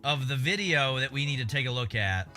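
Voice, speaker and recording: A man's voice: medium pitch, lively intonation, brisk, sharp tone, faint music behind. A man chatting casually on a livestream, laid-back and swearing freely while he eats.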